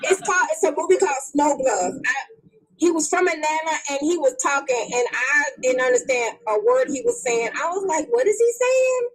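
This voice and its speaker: A woman with a very high, swooping voice chats animatedly, laughing and acting out her reactions. Her talk rises and falls with excitement. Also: a little fast, poor audio. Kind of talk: casual group chat.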